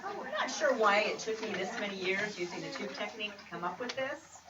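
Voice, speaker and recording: A woman's voice: medium pitch, expressive, a little fast, a crowd in the background. Woman, chatty demonstration, upbeat, roomy studio sound. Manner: chatty, upbeat, teasing asides. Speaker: quilt pattern designer presenting. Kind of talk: casual demonstration. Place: creative center studio. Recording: roomy, distant, noisy room sound.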